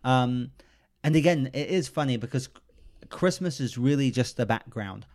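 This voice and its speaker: A man hosts a chat about movies, talking through plots in an easy, relaxed way. His voice sits at a middle pitch, neither high nor low. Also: moderate pace. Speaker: podcast host.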